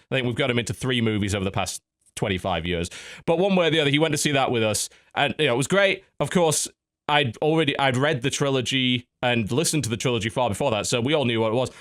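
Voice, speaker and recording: A man with a medium-pitched, slightly bright voice hosts a podcast in casual chat. He's a chatty storyteller who restarts his sentences many times.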